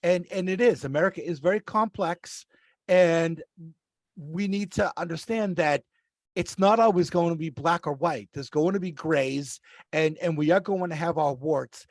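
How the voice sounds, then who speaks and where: A man's voice: a little high, moderate pace, no echo. A man appearing as a podcast guest, speaking earnestly and thoughtfully, repeating words as he works through his point. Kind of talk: casual chat.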